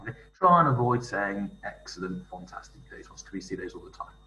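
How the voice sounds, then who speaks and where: A man talks through a writing exercise, thinking aloud and reading out foreign phrases slowly and carefully. His voice is bright and forceful, set a bit low. He sits a little back from the mic in a roomy space with faint noise underneath. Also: very animated, distant mic. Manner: thinks aloud while typing, reads French phrases slowly. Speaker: language teacher. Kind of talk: screen-recorded tutorial.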